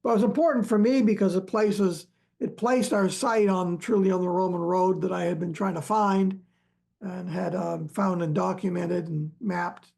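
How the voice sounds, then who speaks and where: Gravelly halting male archaeologist. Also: high voice, fairly even intonation, a little mellow. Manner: halting, many fillers and restarts, chuckles often. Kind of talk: relaxed storytelling chat.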